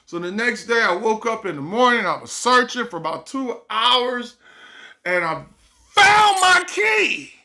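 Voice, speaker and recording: A man casually telling a personal story to camera, animated and full of quoted back-and-forth dialogue. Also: sits high, normal speed. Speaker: vlogger.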